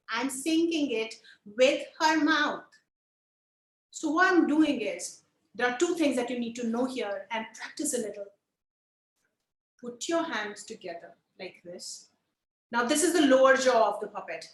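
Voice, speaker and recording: A woman with a high voice leads an online puppetry workshop, demonstrating as she explains. She coaxes the group to join in and try each step with her. The sound carries a noticeable room echo. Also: fairly bright tone.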